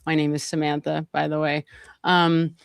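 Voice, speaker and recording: Smooth-voiced woman cutting in politely. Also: sits low, flat delivery, normal speed, no room sound, studio quality. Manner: polite, interjecting to explain. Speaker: panel guest.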